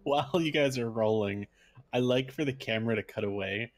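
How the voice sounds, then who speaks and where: A man playing in a tabletop game who quietly describes his character's actions. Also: mid-range voice, fairly quick, soft background music. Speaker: player.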